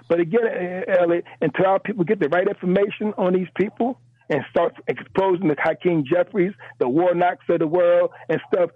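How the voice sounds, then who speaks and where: Caller on a tinny phone line, high voice. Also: male voice, fairly even intonation, brisk, no echo. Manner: emphatic, repeats words, rambling. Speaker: radio show caller. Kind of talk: impassioned call-in commentary. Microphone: telephone.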